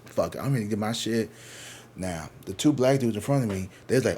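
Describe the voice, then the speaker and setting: Profane, animated man telling a story. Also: fairly low pitch, brisk, slightly rough. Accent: St. Louis. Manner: profane, animated, acts out other people's lines. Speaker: tarot reader telling a story. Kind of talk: casual storytime monologue.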